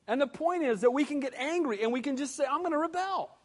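A man preaching a sermon as pastor, animated and swinging between loud exclamations and hushed, earnest pleas. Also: extremely high pitch, fast talker. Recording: long hall reverb.

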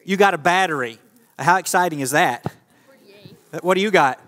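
Here a male pastor uses a high, slightly bright voice at a moderate pace. His playful, interactive sermon from the church stage includes casual joking with volunteers and listeners, and the hall's long reverb trails his words.

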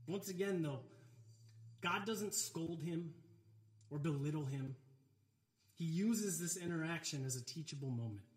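Man preaching, high voice, conversational with casual asides, echoey church hall. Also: a little slow, long pauses. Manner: conversational, relatable asides with filler words. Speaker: pastor. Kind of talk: sermon.

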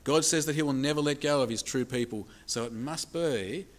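A man preaching a sermon, emphatic, asking the congregation rhetorical questions and slowing down to stress key points. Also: medium pitch. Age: adult with children.

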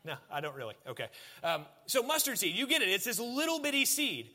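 A pastor preaching with a high, bright, forceful voice. He keeps his sermon loose and chatty and speaks straight to the people in front of him. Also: a little fast. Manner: conversational and animated, talking directly to the congregation.

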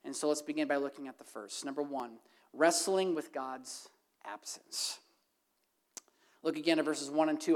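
A woman's voice: sits low, moderate pace, long pauses, darkish tone. Emphatic woman preaching a sermon. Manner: emphatic, rising to impassioned repetition.

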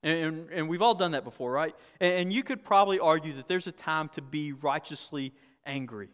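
A pastor preaching a candid, conversational sermon with humor and frequent restarts. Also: male voice, on the high side, a little fast, fairly bright tone, in a large hall.

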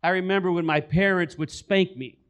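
A man's voice: sits high, steady tone, a little fast. A man preaching a sermon, telling a story and repeating key phrases for emphasis. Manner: storytelling, acts out quoted voices.

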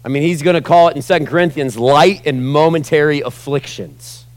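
A man in his forties preaching a sermon as pastor, animated, acting out groans and questioning the congregation. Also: on the high side, brisk, no room sound. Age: 40s.

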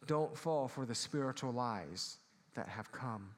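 A man's voice: medium pitch, lively intonation, measured pace. A man, preaching a sermon as pastor, earnest and calling out for amens. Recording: long hall reverb.

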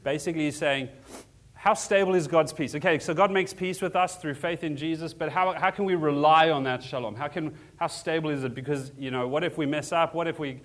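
A man's voice: on the high side, fairly quick. A man preaching a sermon in an earnest, conversational way, asking the congregation questions as he goes. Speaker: pastor.

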